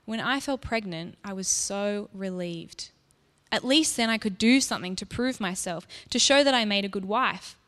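A woman with a mid-range voice tells a first-person story at a moderate pace, soft and reflective as though confiding in the listener. The recording carries a long reverb.

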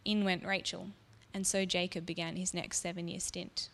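Woman telling a soft first-person story, long reverb. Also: lowish voice, level tone, normal speed, vocal fry. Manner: soft, reflective, intimate.

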